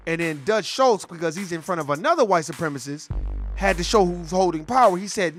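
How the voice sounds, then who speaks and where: A man's voice: fairly high pitch, animated, brisk, soft background music. A man delivering a profane, heated political rant in street slang. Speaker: commentator.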